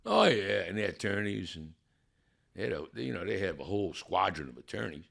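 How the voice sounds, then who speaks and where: A man's voice: deep voice, sing-song, brisk, creaky, a bit bright, slightly rough. A man telling a personal story with drama, building suspense and acting out the people in it. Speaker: guest telling his testimony.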